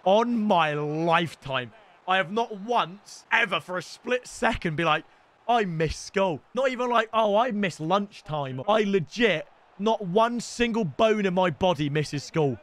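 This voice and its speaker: An excitable young man streaming a football game, his voice sitting notably high. He chats loosely with viewers in slangy banter and breaks into loud shouts when things go his way. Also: a little slow. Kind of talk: live gameplay commentary.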